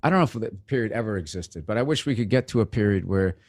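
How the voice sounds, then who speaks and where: A man being interviewed, answering in a measured, reasonable, conversational way. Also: lowish voice, lively intonation, darkish tone, no room sound, studio quality. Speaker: interview guest.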